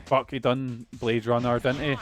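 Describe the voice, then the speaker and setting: A young man streaming a video game, chatting casually, rambling, swearing and losing his train of thought, with soft music underneath. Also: medium pitch, flat delivery, normal speed. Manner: rambling, swears often, trails off mid-thought. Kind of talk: casual let's-play commentary.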